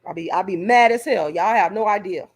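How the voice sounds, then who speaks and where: Speaking directly to her viewers, a woman vlogger unloads a heated, profane rant. Her husky, medium-pitched voice runs a little fast, and she trips over repeated words while driving her argument home.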